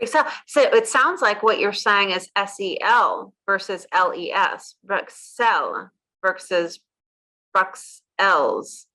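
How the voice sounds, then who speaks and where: An American woman hosting a casual interview, chatty and quick, laughing easily at her own mistakes. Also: mid-range voice, lively intonation, bright, forceful tone, rough recording. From United States. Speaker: host of a rose channel.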